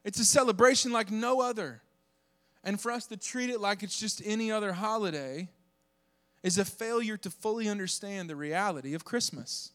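A young man from the southern United States preaching a lively sermon, joking with the congregation and shouting for emphasis. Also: high voice, moderate pace. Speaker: pastor.

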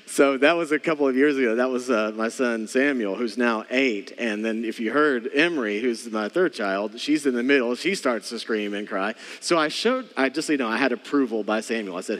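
A man's voice: medium pitch, brisk, hardly any pauses, a bit bright, in a large hall. A man in his thirties preaching a casual, joking sermon as a pastor, talking straight to his congregation. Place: church hall.

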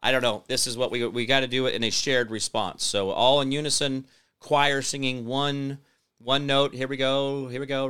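A middle-aged man hosting his own show, reading an article aloud and mocking it, breaking into loud outbursts. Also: mid-range voice, moderate pace. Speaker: show host. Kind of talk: solo commentary reading an article.

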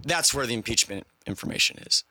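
Man, podcast co-host, crisp bright tone, dry close sound, profane and lecturing. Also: mid-range voice, expressive, fast talker, no echo, rough recording. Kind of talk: casual podcast chat.

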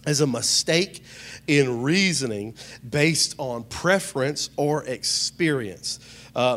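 A man's voice: fairly high pitch, fairly bright tone. A man preaching a humorous sermon, telling jokey stories and calling out to the congregation. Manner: joking, storytelling, calls out to the congregation. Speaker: pastor.

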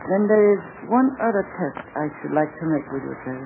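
A calm, formal general who speaks in a measured, polite way, his voice fairly high. It is an old radio serial. The sound is thin and tinny, with loud hiss behind it. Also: creaky. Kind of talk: 1940s radio serial acting. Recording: scratchy 1940s radio broadcast, narrow band, loud hiss.

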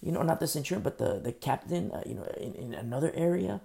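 A man preaching a sermon as pastor, emphatic and repetitive, swinging between loud bursts and hushed asides. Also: on the high side, expressive, quick pace, creaky. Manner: repetitive, with frequent fillers.

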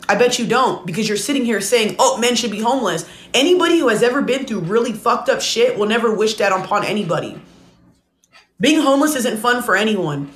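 A woman's voice: fairly high pitch, fairly bright tone, reverberant. Blunt, indignant woman ranting to camera. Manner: blunt and indignant, addresses viewers directly; talks while eating. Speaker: online content creator. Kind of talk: reaction commentary rant.

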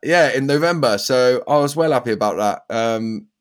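A man's voice: medium pitch, normal speed, clear, resonant tone. A man chatting casually as a podcast co-host, swearing now and then and using British slang. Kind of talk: casual chat.

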